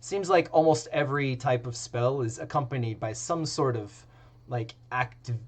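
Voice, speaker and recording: A man's voice: medium pitch, moderate pace. A man narrating as game master of a tabletop game, rambling with many fillers.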